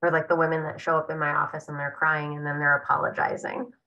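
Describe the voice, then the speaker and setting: A woman presenting to clinicians over a video call, her voice low yet bright and forceful. The audio is dull and lo-fi, and she explains her approach in a calm, affirming, measured way. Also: gravelly. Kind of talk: clinical teaching discussion.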